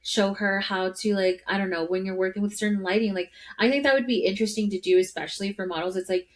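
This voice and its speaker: A woman's voice: medium pitch, steady tone, fast talker. A woman co-hosting a podcast in casual chat, talking with lots of fillers and often overlapping her co-host.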